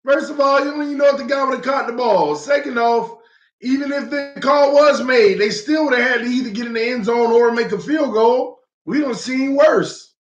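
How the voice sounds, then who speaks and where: A man hosting a live fan stream, slightly hoarse from losing his voice, greeting viewers by name in loose slangy chat and getting loud when he argues. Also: very high voice, normal speed, roomy sound, dull audio. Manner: gets loud and heated when arguing a point.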